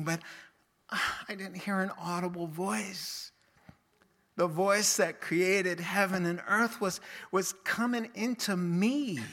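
A man preaching a sermon, expressive, acting out the voices he quotes. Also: high-pitched. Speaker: pastor.

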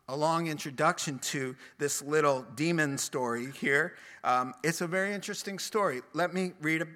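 High, bright-voiced preacher, animated. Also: male voice. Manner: animated, acts out the quotes he tells; conversational, plain-spoken. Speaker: pastor. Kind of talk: sermon.

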